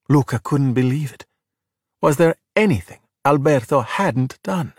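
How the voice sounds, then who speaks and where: A man narrating a children's storybook in an expressive, animated way. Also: mid-range voice, normal speed, breathy edge, dry recording, studio quality. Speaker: audiobook narrator. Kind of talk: storybook reading.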